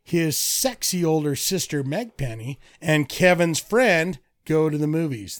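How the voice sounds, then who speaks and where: Animated man reading trivia. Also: a little high, measured pace, hardly any pauses. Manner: reads trivia aloud with playful emphasis. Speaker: podcast co-host. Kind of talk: casual chat.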